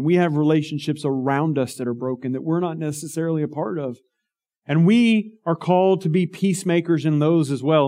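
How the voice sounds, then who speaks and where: A male pastor delivering a sermon in an earnest, emphatic way. His voice sits a little high for a man, and he keeps asking his listeners rhetorical questions. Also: darkish tone.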